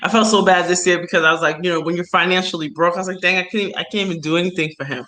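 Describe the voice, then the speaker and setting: Talking very fast in a fairly low voice, a woman hosts a casual phone livestream captured in a low-quality recording with slight background noise. Her chat with viewers is animated storytelling, heavy on slang and laughs.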